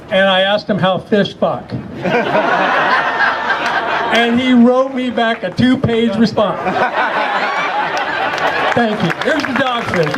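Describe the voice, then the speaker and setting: A man telling a bawdy, laughing anecdote to a crowd at a memorial. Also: high-pitched. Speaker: mourner telling a story at a memorial. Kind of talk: casual storytelling to a crowd. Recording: noisy crowd around the mic.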